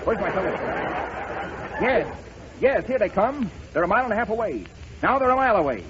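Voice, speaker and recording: A man playing a court chancellor who calls the action in rapid race-commentary patter, in a 1930s radio comedy sketch. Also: high-pitched, big pitch swings, fairly bright tone, dull audio, some chatter behind, pitched above the performer's own voice. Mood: excited. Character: male chancellor calling a race like an announcer. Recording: scratchy 1930s radio broadcast.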